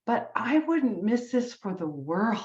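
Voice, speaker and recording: A woman's voice: on the high side, very animated, slow, a little mellow. Give me an emphatic woman in her sixties leading a team pep talk, over echoey, muffled audio. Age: 60s. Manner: emphatic, urging, repeats phrases. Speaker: business team leader. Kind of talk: motivational speech on a group call.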